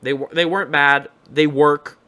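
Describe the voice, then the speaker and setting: A man's voice: on the high side, steady tone, normal speed, pushed and bright. A young man giving casual, upbeat reaction commentary as a video host, rambling and correcting himself as he goes.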